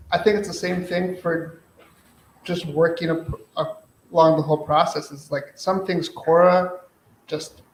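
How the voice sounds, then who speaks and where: A man's voice: on the high side, slight background noise. A man talking thoughtfully on a panel about his work, with loose phrasing. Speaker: printmaker, panel guest. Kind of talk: casual panel talk. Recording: echoey room.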